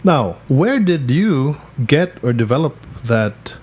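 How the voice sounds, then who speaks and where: A man's voice: medium pitch, very animated, takes it slowly, a little mellow, a little hiss or hum. A Filipino man hosting a podcast interview, giving frequent mm-hmms and mixing Tagalog into his English. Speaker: podcast host. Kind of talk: interview chat.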